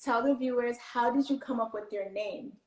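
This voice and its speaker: A woman's voice: fairly high pitch, moderate pace. A woman hosting a podcast interview, talking casually and encouragingly, affirming her guest. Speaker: podcast host. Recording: echoey room.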